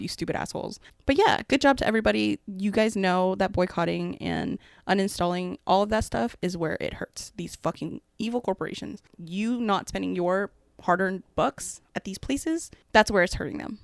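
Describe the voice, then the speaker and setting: A woman's voice: mid-range voice, gravelly, dry recording, clean studio sound. A young adult woman hosting her own podcast, ranting in a blunt, profane, sarcastic way and laughing between points. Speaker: podcast host. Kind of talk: casual solo podcast rant.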